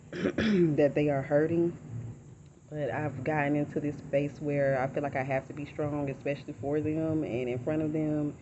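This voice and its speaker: A woman talking candidly in a personal vlog, rambling and heartfelt. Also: deep voice. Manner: rambling, heartfelt, soft-spoken. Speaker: vlogger. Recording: dull lo-fi audio with loud insect noise.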